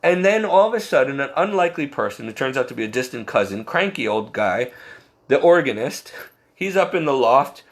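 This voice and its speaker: Speaking fairly quickly in a mid-range voice, a man offers his testimony as a Catholic layman, telling his faith story earnestly. He pokes fun at himself with frequent laughter and bursts into lively quotes of himself and other people.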